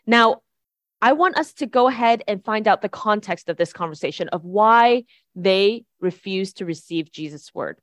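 A woman's voice: mid-range voice, no echo, dull audio. A woman preacher giving a conversational sermon to a congregation, often checking in with "right?". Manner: chatty, tags points with "right?".

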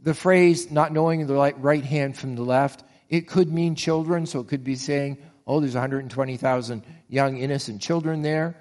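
A man's voice: mid-range voice, a little mellow, in a large hall. A man preaching a sermon with earnest rhetorical questions and frequent small restarts. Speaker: pastor.

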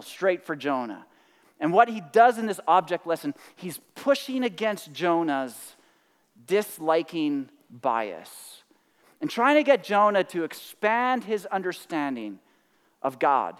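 High-voiced animated male preacher. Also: in a large hall. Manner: animated, acts out quotes, laughs often. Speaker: pastor. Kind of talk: sermon.

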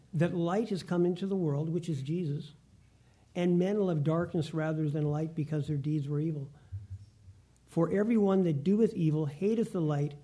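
A man preaching a Bible lesson, reading scripture aloud slowly and deliberately. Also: a little high, dark tone. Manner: reads verses slowly and deliberately, with restarts.

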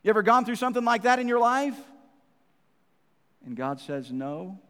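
A man's voice: very high-pitched, sing-song, moderate pace, a bit bright, clean tone. A man preaching a sermon as pastor, calling listeners "friend" and repeating phrases for emphasis. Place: church sanctuary. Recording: long reverb of a church hall.

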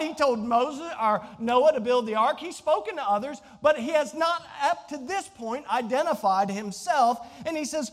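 A man with a Southern Virginia accent, preaching a sermon as pastor, animated and rising to near-shouts when he quotes scripture. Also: extremely high pitch, big-room sound.

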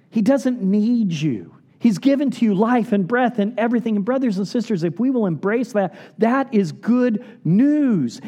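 A sermon comes from a middle-aged pastor who speaks earnestly and pleads with his listeners. For emphasis, he tends to let his voice go quiet and low.

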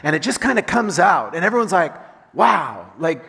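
A man preaching a sermon as pastor, talking in a relaxed, chatty way and laughing now and then. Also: high-pitched, normal speed, gravelly. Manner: conversational, chatty with laughing asides. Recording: long reverb of a large hall.

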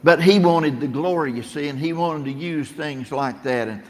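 Delivering a sermon at normal speed, this middle-aged preacher uses a fairly high voice and a plain, story-driven style, lifting it for scripture quotations. The recording has a large room's long reverb.

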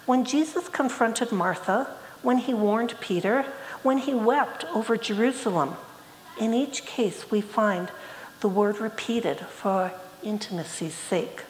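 A woman's voice: fairly high pitch, slow, a little mellow, slight background noise. A woman preaching a sermon, speaking earnestly and quoting scripture with rising emphasis. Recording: echoey hall, faint ambience.

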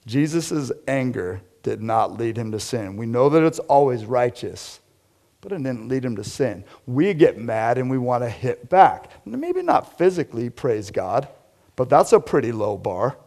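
A man preaching a conversational sermon to a small group, shifting from loud emphatic lines to quiet low asides. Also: sing-song, a little slow, creaky. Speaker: pastor. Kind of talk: interactive sermon.

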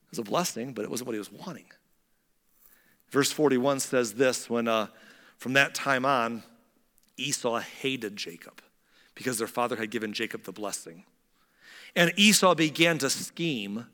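A man's voice: mid-range voice, unhurried, long pauses, pushed and bright, big-room sound. A man preaching, casually retelling a Bible story with chatty asides. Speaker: pastor.

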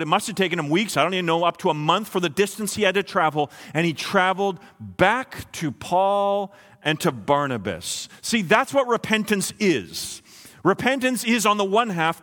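Pastor preaching in a reverberant church. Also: male voice, sits high. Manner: shifts from hushed, slow reflection to quick, rising intensity. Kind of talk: sermon. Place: church sanctuary.

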